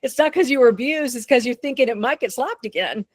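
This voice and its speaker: A woman's voice: on the high side, fast, dry recording. A woman with a Texan accent, a dog behavior consultant giving a conversational webinar presentation, often restarting sentences and voicing what dogs think. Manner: conversational, many restarts and acted-out dog thoughts.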